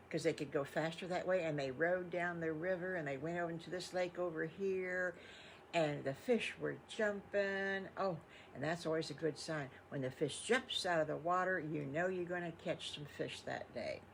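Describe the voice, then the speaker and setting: A woman's voice: on the low side, normal speed, a little hiss or hum. An older woman, improvising a children's story in a chatty, rambling way full of fond exclamations. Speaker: storytelling grandmother.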